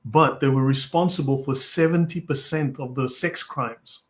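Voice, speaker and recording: A man's voice: mid-range voice, normal speed. Man hosting in an everyday mid voice. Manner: rambling, hedges often with "I mean". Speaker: host. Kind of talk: casual conversational discussion.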